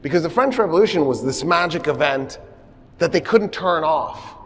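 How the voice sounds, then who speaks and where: A man with a fairly high voice delivering a funny, animated history lecture, bringing the story to life by acting out what people said. His voice carries the long echo of a lecture hall. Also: moderate pace.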